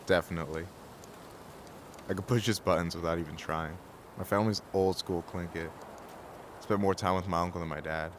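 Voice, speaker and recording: Deep-voiced blunt young man , played by an actor. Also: fairly even intonation, fairly quick, long pauses, noisy background, natural voice. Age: young adult. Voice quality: casual, blunt and teasing. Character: easygoing young man, wry and loyal friend. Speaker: game character. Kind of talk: video game voice acting.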